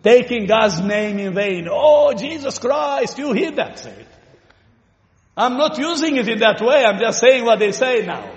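This preacher, a Romanian-accented man whose voice runs high for a male, gives an earnest and animated sermon. He keeps asking his listeners questions and fills pauses with hesitations, all captured in a muffled church-hall recording full of echo and lingering reverb.

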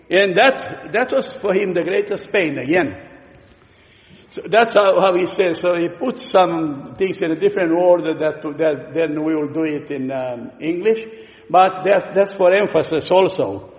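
A man's voice: on the high side, unhurried. A male preacher giving a sermon, explanatory and emphatic, with frequent fillers. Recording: echoey hall, dull lo-fi sound.

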